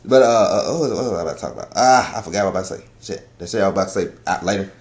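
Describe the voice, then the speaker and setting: A man giving a casual chapter review, talking in a loud, profane, rambling way that is full of laughter. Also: sits low, very fast. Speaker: anime and manga reviewer.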